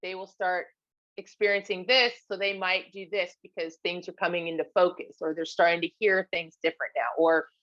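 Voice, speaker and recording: A woman's voice: fairly low pitch, steady tone, a little fast, a bit bright, no echo, lo-fi sound. A woman guest on a podcast telling her own story in a candid, casual way, with many fillers and restarts as she quotes the people around her.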